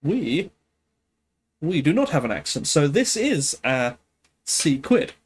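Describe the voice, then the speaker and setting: Working through a Greek language exercise live on stream, a man muses aloud at a leisurely, slow pace. His fairly high voice is very animated with a breathy edge, and he sounds hesitant, checking himself as he goes.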